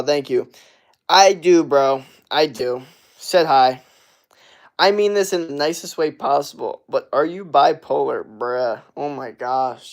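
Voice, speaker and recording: Profane, blunt fitness coach ranting. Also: male voice, mid-range voice. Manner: profane, blunt, aggressive ranting with many fillers. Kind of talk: livestream rant answering chat.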